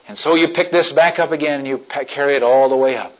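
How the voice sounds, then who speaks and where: A man's voice: fairly high pitch, steady tone, brisk. Dramatic preacher man, lo-fi recording. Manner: dramatic storytelling, swings from hushed to loud. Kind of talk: sermon. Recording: dull lo-fi recording.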